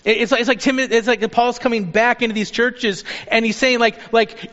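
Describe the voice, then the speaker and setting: High-voiced man preaching in a hall. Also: normal speed, hardly any pauses. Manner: earnest, urging, animated when quoting. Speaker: pastor. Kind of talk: sermon. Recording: dull sound with long reverb of a hall.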